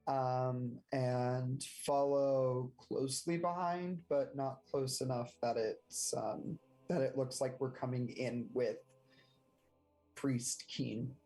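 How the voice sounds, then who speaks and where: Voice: mid-range voice, fairly even intonation, takes it slowly, warm tone, faint music behind, poor audio. A player describing actions in a tabletop game, hesitant with many fillers. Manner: hesitant, lots of ums. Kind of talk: casual tabletop play.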